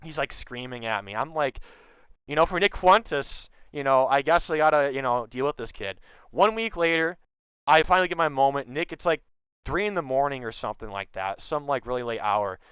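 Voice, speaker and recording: A young man telling a story in casual chat, animated and loudly acting out what others said. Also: mid-range voice, moderate pace, clear, resonant tone, no room sound, lo-fi sound. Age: young adult. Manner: animated, acts out quotes loudly. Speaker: guest.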